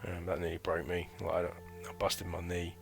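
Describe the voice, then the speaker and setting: A man's voice: low voice, monotone, normal speed, creaky, over music. A man in his thirties telling a chatty, rambling story about his military training in a casual vlog. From United Kingdom. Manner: rambling and chatty, full of fillers and slang. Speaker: former recruit recounting training.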